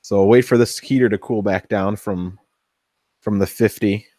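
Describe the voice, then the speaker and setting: A man hosting a casual workshop build vlog, chatty and thinking aloud as he tests his machine, easily excited when something works. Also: on the low side, moderate pace, no echo, studio quality. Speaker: 3D printing hobbyist host.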